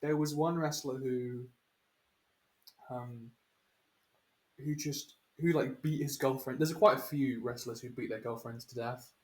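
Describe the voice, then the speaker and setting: A man's voice: medium pitch, steady tone, measured pace, long pauses, a little mellow. A young man on a podcast telling stories in casual chat, swearing a lot and laughing as he talks. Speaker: podcast co-host. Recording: echoey room.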